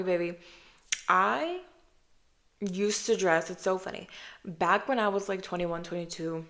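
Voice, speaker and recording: A woman in her thirties hosting a casual podcast chat, telling stories with lots of filler and calling the listener babe and girl, sometimes dropping into a hushed voice for quotes. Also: on the low side. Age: 30s. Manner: chatty, animated storytelling, calls listener babe and girl. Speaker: podcast host.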